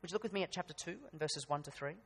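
A man's voice: on the high side, rapid-fire. Male pastor, casual preaching style with emphatic peaks, church-hall reverb. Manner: conversational preaching with rising emphatic bursts. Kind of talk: sermon.

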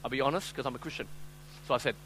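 A man's voice: mid-range voice, rapid-fire, fairly bright tone, a little hiss or hum, poor audio. A man from Australia, telling a joking story to an audience and coaxing them to join in. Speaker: speaker. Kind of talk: humorous storytelling talk to an audience.

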